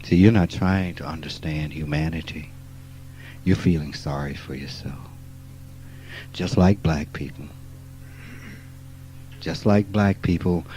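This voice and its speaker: A man gives a spiritual talk in a somewhat low, mellow voice. He speaks bluntly and emphatically, with plenty of profanity, dropping to quiet asides and then bursting out loud. It is an archival talk recording from 1989. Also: expressive, takes it slowly, long pauses, a little hiss or hum, low-quality recording. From rural Mississippi. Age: 50s. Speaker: spiritual teacher.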